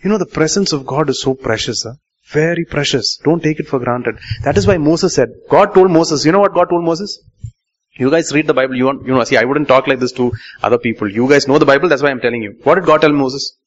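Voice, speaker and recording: A man's voice: fairly high pitch, fast talker. A male pastor, preaching a sermon and questioning the congregation, repeating key lines for emphasis. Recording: muffled live sermon recording.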